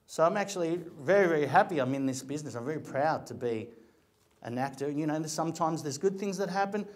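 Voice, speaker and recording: This middle-aged actor talks quickly, his fairly high voice lively in its intonation. He shares career anecdotes in a loose, storytelling talk, wandering off track and restarting frequently.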